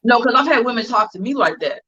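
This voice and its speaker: A woman's voice: on the high side, animated, fast talker, pushed and bright, slightly rough. A woman telling a story in casual chat on a livestream, blunt and profane. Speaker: guest. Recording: dull lo-fi livestream audio.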